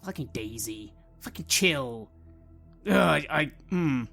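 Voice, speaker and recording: A man's voice: on the high side, expressive, slow pace, gravelly, a bit bright, faint music behind, full character voice. A man playing a crude, brash party guy. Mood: irritated. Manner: swearing, blustery. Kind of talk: in-character tabletop role-play.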